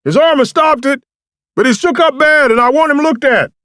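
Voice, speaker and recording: A man's voice: very high voice, normal speed, pushed and bright, no room sound, clean studio sound, pitched above the performer's own voice. A man voicing a male state police detective calling out urgently from a distance.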